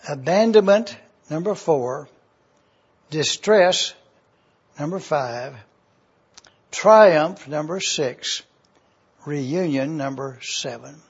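Brief: male preacher, husky, deliberate teaching delivery, dull lo-fi recording. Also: on the high side. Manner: slow, deliberate, repeats points for review. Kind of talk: teaching sermon.

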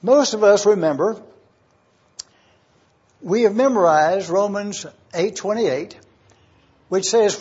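Husky-voiced man preaching a Bible lesson. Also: high-pitched, darkish tone, highs cut off. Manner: deliberate, repeats key phrases for emphasis. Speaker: pastor. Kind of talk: expository Bible teaching sermon.

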